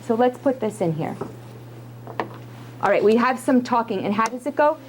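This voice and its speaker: A woman's voice: a little high, lively intonation, moderate pace, a little hiss or hum, poor audio. A woman teacher leading a writing lesson, asking question after question and encouraging her students. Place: classroom.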